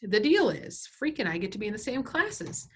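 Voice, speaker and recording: Teacher lady reading a chapter book aloud, chatty asides, plain middle pitch. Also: big pitch swings, moderate pace, slight background noise. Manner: conversational asides, checking in with listeners. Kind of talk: reading a novel aloud with commentary.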